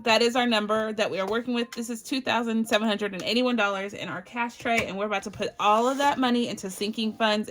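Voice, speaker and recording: A chatty, excitable woman from Barbados hosting a casual budgeting vlog at home, laughing often and counting bills aloud. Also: a little high. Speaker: budgeting channel host. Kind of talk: casual cash-stuffing vlog.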